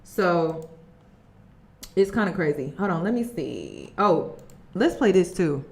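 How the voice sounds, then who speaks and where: A woman's voice: on the low side, very animated, takes it slowly, creaky, very noisy. A woman vlogger giving casual commentary, candid and emphatic, repeating her points.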